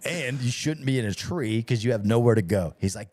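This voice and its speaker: A man's voice: mid-range voice, a little fast, darkish tone, no room sound, clean studio sound. A man hosting a podcast in casual chat, telling stories with lots of swearing and acting out both sides of each exchange. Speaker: podcast host.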